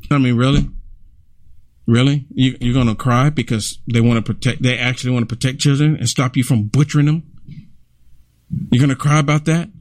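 A man's voice: mid-range voice, steady tone, a little fast, pauses often, no echo. A man giving outraged political commentary over video clips, repeating himself and urging listeners. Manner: indignant, repetitive, urging.

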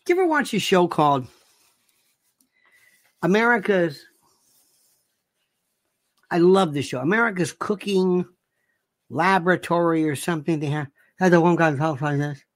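A man's voice: fairly high pitch, lively intonation, normal speed, pauses often. A man hosting his own show, delivering an emphatic, opinionated monologue and repeating himself for emphasis. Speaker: show host.

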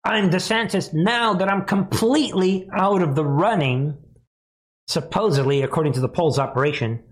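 A man's voice: high voice, moderate pace, voice pushed up, natural voice. A man sarcastically voicing a male politician who boasts about rolling out his campaign from last place. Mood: sarcastic.

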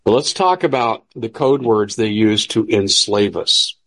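A man's voice: fairly low pitch, expressive, measured pace, fairly bright tone. Emphatic man hosting commentary. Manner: emphatic, preachy, combative. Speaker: host. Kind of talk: political commentary.

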